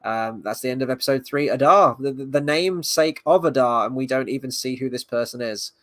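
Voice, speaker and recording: A video reviewer with a medium-pitched voice speaks a little fast while casually reviewing a TV episode. He rambles, stays sarcastic, swears now and then, and mocks scenes by quoting them in put-on voices. The sound is clean studio audio with no echo.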